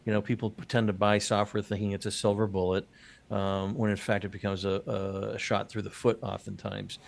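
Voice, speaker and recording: A man's voice: on the low side, flat delivery, a little fast, creaky. A man hosting a business podcast, chatting casually and joking, with many fillers and restarts. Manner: rambling, jokey, many fillers. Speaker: podcast host.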